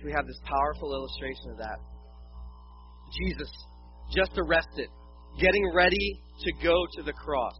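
A man preaching a sermon in a conversational way, with casual jokey asides. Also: high voice. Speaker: pastor. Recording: dull lo-fi with faint music.

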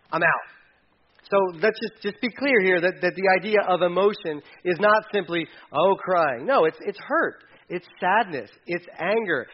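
Emotive preacher with sudden loud bursts. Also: male voice, sits high, muffled recording. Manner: conversational, swings from quiet asides to loud emphatic bursts. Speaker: pastor. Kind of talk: sermon.

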